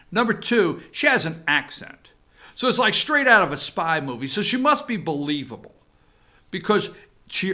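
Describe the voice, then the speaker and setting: High, lively man ranting sarcastically. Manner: sarcastic, repeats phrases for effect. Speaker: opinion show host. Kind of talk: animated political commentary. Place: office room.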